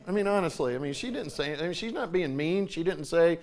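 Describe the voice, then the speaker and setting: A man's voice: animated, a little fast, a little mellow. A man in his forties giving a folksy conference talk, acting out quoted voices. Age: 40s. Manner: folksy, acts out quoted voices with jumps in pitch. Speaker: conference speaker.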